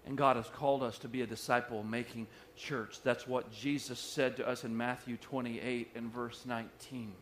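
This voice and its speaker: A man preaching a sermon as pastor, dropping soft and slow at times and then building up loud. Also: mid-range voice, flat delivery, a little hiss or hum.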